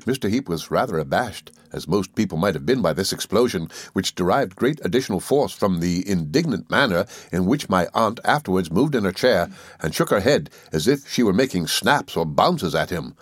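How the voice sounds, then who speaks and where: Male narrator for a classic novel; low, measured, earnest, dry recording. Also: lively intonation, breathy edge, dry recording. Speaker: audiobook narrator. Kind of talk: scripted narration.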